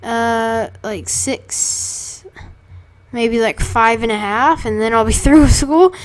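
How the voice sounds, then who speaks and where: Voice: mid-range voice, fairly even intonation, slow. A student casually commenting on their own game as they play, rambling and chatty, often stopping to correct themself. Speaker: let's play creator.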